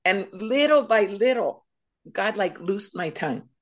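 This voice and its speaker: A middle-aged woman, a guest speaker, sharing her personal faith testimony as an animated storyteller. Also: mid-range voice, unhurried.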